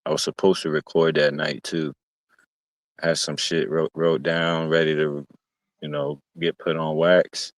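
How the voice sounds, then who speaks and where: A man with a deep, low voice telling a long story on stream. He talks in loose street slang, swears freely, and often restarts his sentences. The sound is dry and close. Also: monotone, a little slow, no room sound. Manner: slangy, profane, meandering with restarts. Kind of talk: casual storytelling.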